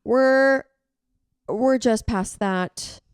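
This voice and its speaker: A woman's voice: a little high, smooth, no room sound, clean studio sound. A young adult woman from Missouri co-hosting a podcast, playful in casual chat. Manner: playful, quick interjections. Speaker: podcast co-host.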